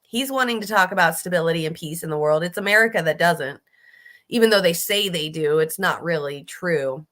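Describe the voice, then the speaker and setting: A woman's voice: fairly low pitch, brisk, fairly bright tone. A woman giving casual, blunt political commentary, emphatic and swearing freely, often restarting her sentences. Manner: restarts and fillers, riled up.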